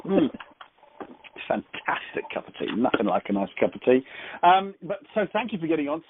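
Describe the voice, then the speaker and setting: A man's voice: on the high side, very animated, brisk, slight background noise. A man with an English accent hosting a conference call, chatty and rambling with frequent restarts. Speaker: host of a business conference call. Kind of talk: casual motivational talk. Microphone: phone. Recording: tinny phone line.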